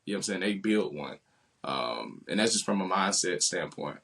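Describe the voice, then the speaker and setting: A man in his late twenties, a podcast guest, telling his story in an animated, slangy, casual way. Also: deep voice, normal speed, gravelly, husky. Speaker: interview guest.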